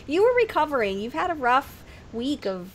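A woman's voice: sits high, sing-song, normal speed, slight background noise. A woman hosting a casual gaming podcast, teasing her co-hosts and laughing often. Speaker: podcast host. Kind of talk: casual chat.

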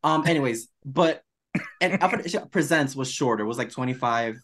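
A man co-hosting a podcast in casual chat, animated and campy, calling people darling. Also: medium pitch, fairly quick. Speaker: podcast co-host.

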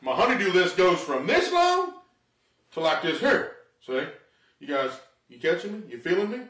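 A man with a drawl rambles through a comedy bit in a folksy, self-mocking way. His voice sits high and bright, swinging all over the place. It sounds roomy and a little off the mic, as if filmed in a living room. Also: sing-song, normal speed, recorded from a distance. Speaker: stand-up comedian. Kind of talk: home-filmed comedy monologue.

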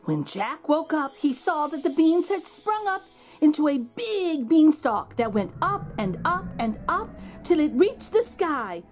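A woman reads a children's fairy tale aloud, her voice sitting high and bouncing through a wide melodic range. She tells the story with lively expression, in the manner of a friendly storyteller. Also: unhurried, soft background music. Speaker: children's book reader. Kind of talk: reading a picture book aloud.

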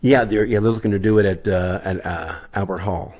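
A man with a very low voice, a guest musician on a podcast. He tells his stories with gusto, acting out the quoted lines and laughing often. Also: steady tone, fairly quick, a little mellow. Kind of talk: anecdotal storytelling in a podcast interview.

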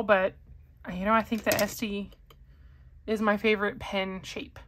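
A woman's voice: mid-range voice, steady tone, a little slow, a bit bright. Chatty woman rambling with many ums. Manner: rambling, self-correcting, giggly, with many ums. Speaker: fountain pen channel host. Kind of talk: casual chatty Q&A.

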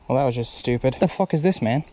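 A young man casually narrating his own fishing trip outdoors, excitable and quick to swear, recorded on a chest-mounted action camera. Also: medium pitch, slight background noise. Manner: excitable and profane, swears freely when snagged. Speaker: fishing vlogger. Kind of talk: casual on-the-go vlog commentary. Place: outdoors at a creek by a bridge.

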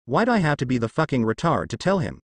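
A man's voice: mid-range voice, sing-song, fast, no echo. A man reading the lines of a frightened, foul-mouthed young kunoichi woman in a fan fiction, stuttering. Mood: scared.

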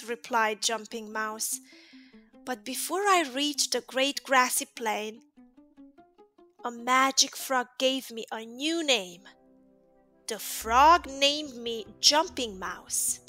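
A woman's voice: sits high, slow pace, sharp tone, soft background music, heavily acted. A woman reading aloud, voicing a small, brave, kind mouse in a storybook, speaking earnestly and politely.

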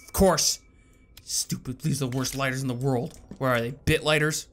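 A man giving horror game commentary, jumpy and nervous, muttering to himself with sudden loud yelps. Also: mid-range voice, fairly even intonation, moderate pace, soft background music. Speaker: gaming YouTuber.

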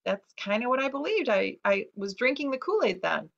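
A woman's voice: fairly high pitch, big pitch swings, brisk, vocal fry, a bit bright. Earnest woman recounting, lo-fi sound. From United States. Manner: earnest, recounting with quoted dialogue and many fillers. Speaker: author guest. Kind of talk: personal interview storytelling. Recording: dull lo-fi recording.

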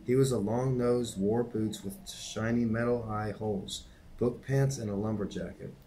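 A man reading a novel aloud in a steady, unhurried narration. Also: lowish voice, slight background noise, low-quality recording. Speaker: reader and teacher.

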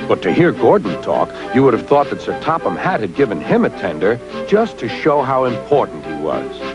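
A man narrating a storybook tale for a children's show, in an expressive, gentle way. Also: medium pitch, normal speed, lo-fi sound, over music.

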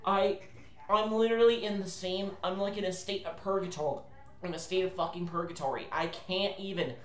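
A woman's voice: fairly low pitch, fairly even intonation, fairly quick, echoey room. A young woman giving casual, exasperated commentary while playing a game, swearing and laughing often. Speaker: let's play co-host.

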